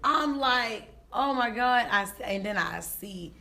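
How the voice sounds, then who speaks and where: A woman's voice: mid-range voice, normal speed, gravelly. A woman, a comedian telling stories in a casual interview and acting out what people said. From Baltimore, Maryland, USA. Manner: animated, acts out quotes in voices, laughs often. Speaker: comedian guest.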